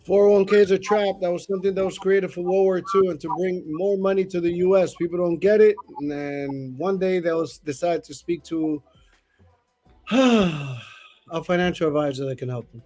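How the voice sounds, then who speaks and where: A man's voice: sits high, normal speed, dark tone, faint music behind. A man in casual business chat, adding short emphatic remarks and agreement.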